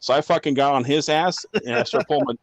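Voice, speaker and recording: A man's voice: a little high, lively intonation, quick pace, gravelly, dry recording. A man who is a former army drill sergeant, telling blunt, profane stories in a casual podcast chat.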